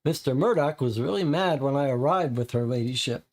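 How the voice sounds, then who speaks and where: A man's voice: medium pitch, fairly quick, close to an everyday voice. A man doing a dejected young chauffeur. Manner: dejected, anxious. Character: young, downcast male chauffeur, guilt-ridden.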